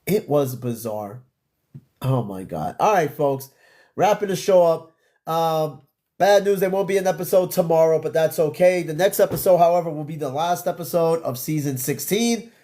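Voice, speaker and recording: A man's voice: a little high, lively intonation, normal speed, mellow. A tired man with an old-school New York accent, hosting a podcast as a casual solo live stream, rambling and swearing as he answers comments. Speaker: podcast host.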